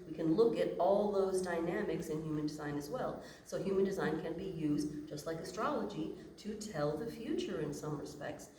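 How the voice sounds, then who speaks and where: A woman's voice: fairly low pitch, normal speed, hardly any pauses, warm tone, a little hiss or hum. Woman teaching in an echoey room. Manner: casual and playful, acts out imagined inner voices. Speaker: human design teacher. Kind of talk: casual live talk to an audience. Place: room with an audience. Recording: echoey room from a distant mic.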